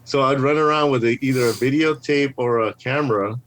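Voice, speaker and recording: A man telling stories as a podcast guest in casual chat, animated and rambling, with lots of "like" and restarts. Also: mid-range voice, fairly quick, a little hiss or hum. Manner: rambling, animated, heavy use of "like". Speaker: podcast guest, scare actor. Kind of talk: casual storytelling.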